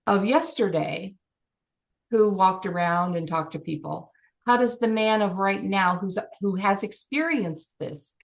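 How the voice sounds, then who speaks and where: A middle-aged woman coaching a client in a lively, expressive way. Her voice sits at an ordinary middle pitch. She acts out imagined scenes with real excitement and gushing feeling. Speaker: life coach.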